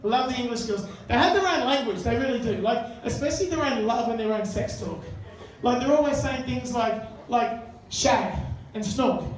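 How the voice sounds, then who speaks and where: A man's voice: very high voice, moderate pace, few pauses. Male stand-up, crude and chatty, live pub room with heavy echo, distant mic. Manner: crude, conversational, banters with the crowd. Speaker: stand-up comedian. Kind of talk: stand-up comedy set. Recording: echoey room, mic far off. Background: audience laughter.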